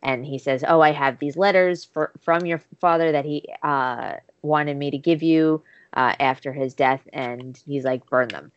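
Low-pitched woman chatting through an episode recap, dry dull sound. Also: measured pace, dry recording. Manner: animated storytelling, acting out quotes. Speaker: podcast co-host recapping a show. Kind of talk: casual chat.

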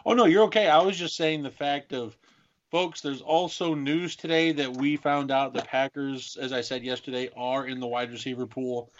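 A man's voice: mid-range voice, fairly even intonation, moderate pace. A man co-hosting a casual sports podcast, rambling through football news and analysis. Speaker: podcast co-host. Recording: muffled lo-fi mic.

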